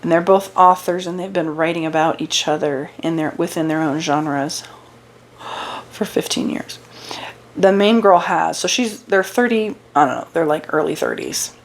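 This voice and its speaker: A young woman with a slightly low voice chats about a book she has read while she crochets. Her voice is going hoarse, and she rambles along with fillers and self-corrections. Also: normal speed, a little hiss or hum. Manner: chatty, rambling with fillers and restarts. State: losing her voice. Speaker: book vlogger.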